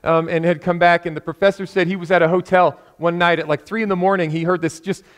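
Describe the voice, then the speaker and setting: Man preaching, somewhat high voice, earnest storytelling, restarts, rising to passionate appeals. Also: flat delivery, fast talker. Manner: earnest, building to impassioned appeals; frequent restarts and storytelling asides. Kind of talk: sermon.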